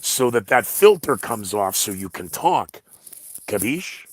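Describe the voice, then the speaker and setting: A man's voice: on the low side, big pitch swings, measured pace, no echo, studio quality. A man hosting his own podcast, talking in a rambling, blunt monologue full of sarcastic asides. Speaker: podcast host.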